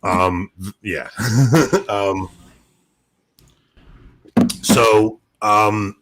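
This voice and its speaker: A man co-hosting a podcast, telling stories in an excited, animated way and laughing often. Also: fairly low pitch, extremely slow. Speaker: podcast co-host. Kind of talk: casual podcast chat.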